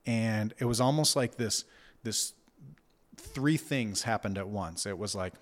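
A man in his thirties telling a personal story in casual conversation, reflective and halting, with many fillers and restarts. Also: lowish voice. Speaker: guest recounting an experience.

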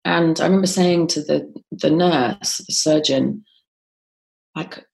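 A woman guest on a podcast telling a personal story in a halting, conversational way, with frequent ums and restarts. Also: low voice, gravelly, a little mellow.

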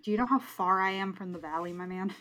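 A woman's voice: mid-range voice, fast talker, fairly bright tone. A young woman from New York co-hosting a casual film chat podcast, swearing freely and laughing often. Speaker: podcast co-host. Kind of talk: casual chat about films.

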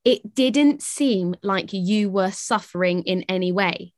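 A woman's voice: mid-range voice, slow pace. A woman host leads a casual interview, sounding amazed and eager to ask more. Her voice sits mid-range and is recorded close and dry, with no room echo. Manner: warmly astonished, eager questions. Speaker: podcast host.

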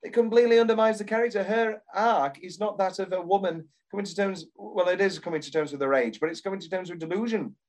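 A man's voice: sits high, fast, few pauses, a little mellow. A British man co-hosting a theatre podcast, talking passionately in casual chat, swearing and reading script lines aloud in mock voices. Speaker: podcast co-host.

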